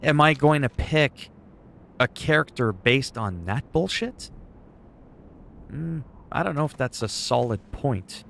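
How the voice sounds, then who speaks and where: A man's voice: medium pitch, lively intonation, takes it slowly, vocal fry, a bit bright, slight background noise. A man livestreaming a game, chatting casually and enthusiastically with viewers, rambling a bit and swearing now and then. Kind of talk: casual gameplay chat.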